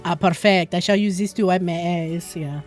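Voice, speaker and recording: A woman's voice: fairly low pitch, steady tone, normal speed, soft background music. A woman streaming a game, reading dialogue aloud and cracking sarcastic, swearing jokes. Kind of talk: casual gameplay commentary.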